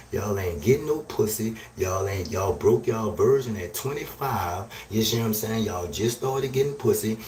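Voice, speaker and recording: A man hosting a live stream, delivering a loud, crude, rambling rant and checking in with "you hear me?". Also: fairly low pitch. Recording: roomy echo, distant from mic, faint noise.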